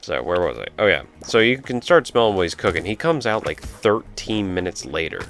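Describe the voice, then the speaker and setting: This let's play commentator has a low-pitched, fairly bright voice with big pitch swings, talking a little fast over faint music. He tells a rambling story while playing and keeps breaking off to react to the game.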